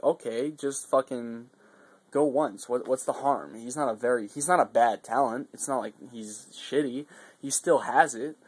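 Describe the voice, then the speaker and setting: A man giving a casual, rambling video recap, swearing often and getting worked up between fillers and restarts. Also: mid-range voice. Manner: profane, excitable, rambling with fillers. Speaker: vlogger reviewing a wrestling show.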